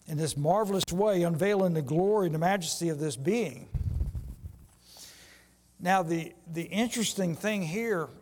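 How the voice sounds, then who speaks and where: Male preacher, high-pitched storytelling sermon, long hall reverb. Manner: storytelling retelling of scripture, shifting pace for emphasis.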